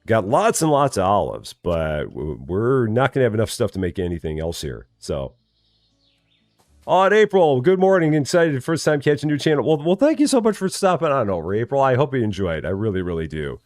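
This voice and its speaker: A man's voice: mid-range voice, very animated, fairly quick, darkish tone, no echo, studio quality, faint music behind. A man casually commenting as he plays a farming game on a live stream, chatty and friendly, greeting viewers by name and often repeating his words. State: still waking up, early morning.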